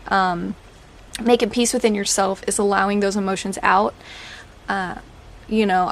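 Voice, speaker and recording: A woman, talking candidly as a podcast host, chatty and laughing through dark jokes. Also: mid-range voice. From Oklahoma. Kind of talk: casual personal talk.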